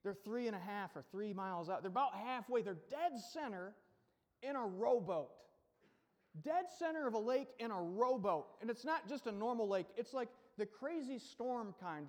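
High-voiced joking pastor in a hall. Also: male voice, animated, moderate pace. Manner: casual, joking storyteller who acts out the scene. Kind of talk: sermon. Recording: long hall reverb.

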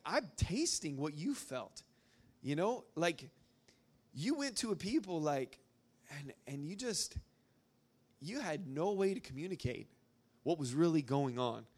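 A young man from Arkansas speaking informally to a live audience, rambling through a story with lots of fillers. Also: high voice. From Arkansas, USA. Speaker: speaker at a church gathering.

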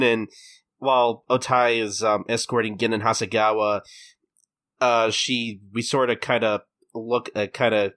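A man in casual podcast chat, walking through a manga chapter with plenty of energy. He keeps slipping into exaggerated, higher-pitched voices for the characters he quotes. His own voice sits at an average pitch for a man. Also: measured pace. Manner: animated, jumps into high quoted character voices while retelling. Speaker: podcast co-host.

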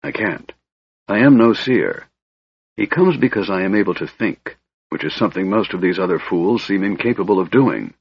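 A man's voice: low-pitched, lively intonation, moderate pace, creaky, breathy edge, no room sound, full character voice. A man voicing a frail, sardonic young male mage who talks in a cold, hissing whisper, on a dull lo-fi recording. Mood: brooding. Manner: cold, brooding, bitter.

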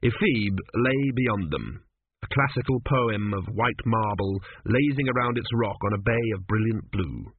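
A man reading comic narration aloud in a wry, measured storytelling manner. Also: fairly low pitch, slight background noise. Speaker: audiobook narrator. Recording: dry, phone-like narrow sound.

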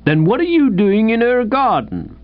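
A man doing a gruff, suspicious constable. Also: high-pitched, very animated, normal speed, pitched above the performer's own voice. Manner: gruff, curt questioning. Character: blunt, suspicious male police constable. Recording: dull lo-fi recording.

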